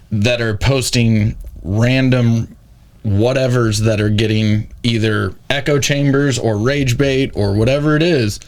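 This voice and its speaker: A man co-hosting a podcast, making long winding remarks and prodding the guest for his story. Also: mid-range voice. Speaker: podcast co-host. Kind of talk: casual podcast conversation.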